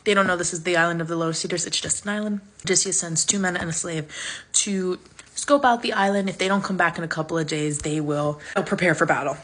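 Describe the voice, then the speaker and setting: A woman's voice: on the low side, a bit bright. A woman retelling an old myth in a chatty, sarcastic, casual way, with plenty of fillers. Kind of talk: casual storytelling.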